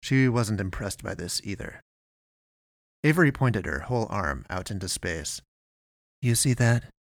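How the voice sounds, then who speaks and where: Male audiobook narrator, deep with vocal fry, dry close mic. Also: lively intonation, normal speed, no echo.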